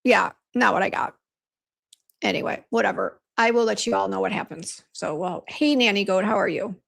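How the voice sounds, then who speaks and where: A woman's voice: medium pitch, moderate pace, creaky, fairly bright tone. A woman hosting a casual beauty livestream, chatting and venting while reading viewer comments aloud. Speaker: beauty brand host on livestream.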